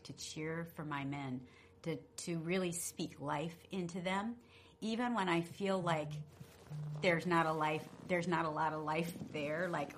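A middle-aged woman co-hosting a radio talk show, telling a story in a feisty, expressive way. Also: sits low, a little hiss or hum. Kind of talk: casual storytelling chat.

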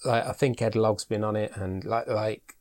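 A man's voice: lowish voice, fairly even intonation, moderate pace, darkish tone. A British man hosting a podcast in casual chat, talking in a chatty way and often repeating words as he thinks. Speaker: podcast host.

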